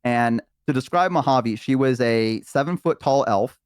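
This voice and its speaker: A man tells a story in a rambling way, with plenty of fillers and restarts. His voice sits at a middle pitch. The recording is close and dry. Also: measured pace, clear, resonant tone, dry recording. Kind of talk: casual chat.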